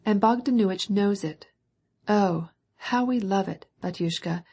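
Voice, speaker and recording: A woman's voice: mid-range voice, unhurried, mellow, slightly rough. Woman voicing a stern old army captain. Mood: reproachful. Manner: firm, reproachful.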